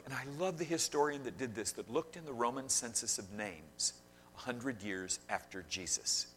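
A man preaching a sermon, swinging between loud emphasis and quiet asides and questioning the congregation directly. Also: a little high. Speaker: pastor.

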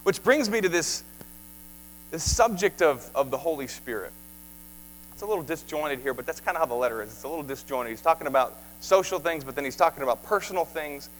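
A man's voice: on the high side, fairly bright tone, low-quality recording. A man preaching a sermon as pastor, talking conversationally with stumbles and repeats, then building to passionate questions. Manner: conversational, repeats words, rises to impassioned questioning.

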